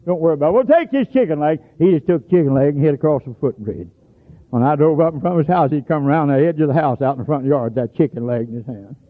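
A man preaching a sermon, telling stories in a folksy way and breaking into shouts. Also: mid-range voice, quick pace. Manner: folksy storytelling, bursts into shouts. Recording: tinny phone-like radio recording.

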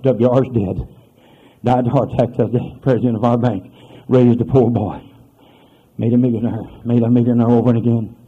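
A man preaching a holiness sermon as a pastor, moving between hushed storytelling and loud hollering. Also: mid-range voice, slightly rough, phone-quality sound. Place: church.

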